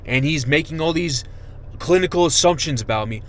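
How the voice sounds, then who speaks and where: A man's voice: a little high, expressive, brisk. Profane, bitter young male army veteran. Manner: profane, bitter, swings between shouting and muttering. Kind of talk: angry venting monologue.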